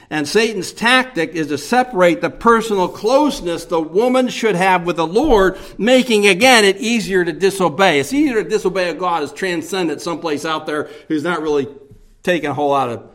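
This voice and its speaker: A man preaching a verse-by-verse sermon, explaining the text slowly with emphatic repetition and rhetorical questions. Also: sits high, a bit bright. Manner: slow, deliberate teaching with emphatic repetition. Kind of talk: expository sermon.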